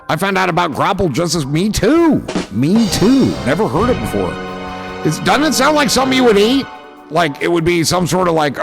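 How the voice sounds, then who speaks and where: A man's voice: a little high, creaky. A man hosting a livestream, casually reading viewer comments aloud and riffing on them with profane jokes. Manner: joking and profane, riffing on chat messages. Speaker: livestream host.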